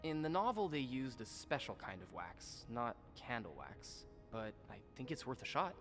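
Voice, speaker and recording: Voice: mid-range voice, sing-song, moderate pace, music in the background, close to an everyday voice. An actor voicing a bookish, thoughtful young game companion who talks with hesitant musing. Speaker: game character Nocturne. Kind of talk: video game voice acting.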